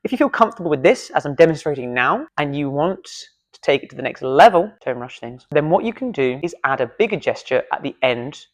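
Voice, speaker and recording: A man's voice: a little high, very animated, a little fast, hardly any pauses. A man coaching public speaking in a casual video lesson, playful and self-deprecating, demonstrating gestures as he talks in a studio.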